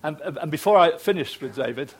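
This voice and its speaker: A man's voice: a little high, expressive, a little fast, breathy edge. An older British man, a retired television producer, telling anecdotes to an audience with frequent fillers and restarts. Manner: chatty storyteller, hesitant fillers and restarts.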